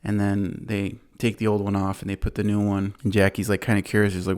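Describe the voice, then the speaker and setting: A man hosting a podcast, casually retelling a movie plot in a rambling way, full of fillers and quick laughs. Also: on the low side, flat delivery, darkish tone, smooth. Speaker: podcast host.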